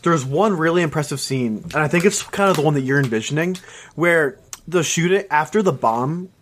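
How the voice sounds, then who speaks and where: A young man chatting casually about a film, relaxed and wry, dropping quick asides. His voice sits a bit higher than most men's. He talks loosely, with many fillers. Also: a little hiss or hum. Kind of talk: casual movie chat.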